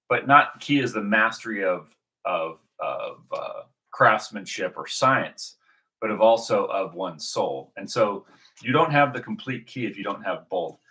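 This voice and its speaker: A bright, low-pitched man rambling thoughtfully. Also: rough recording. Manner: rambling, thinking aloud with frequent restarts. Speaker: video host. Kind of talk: unscripted spoken reflection.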